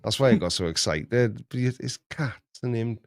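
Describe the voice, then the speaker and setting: A man's voice: mid-range voice, normal speed, no room sound. Guy hosting a livestream chat, jokey, laughs a lot, dry close mic. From Wales. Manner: jokey, laughs often, reads chat aloud. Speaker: livestream host. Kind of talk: casual live chat.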